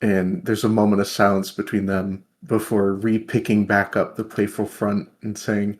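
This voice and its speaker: A man narrating his character's actions in a tabletop game, in a measured, quiet way. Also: on the low side, level tone.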